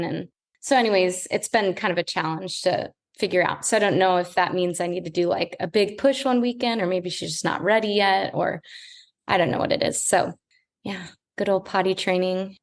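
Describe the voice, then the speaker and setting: A woman's voice: fairly low pitch, fairly even intonation, fairly quick. Candid woman sharing, laughs often. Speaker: group member sharing. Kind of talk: casual group discussion.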